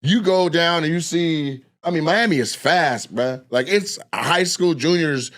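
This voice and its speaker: A man in his thirties telling animated, profane stories in a casual way, acting out other people's voices. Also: on the high side, unhurried. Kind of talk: casual storytelling.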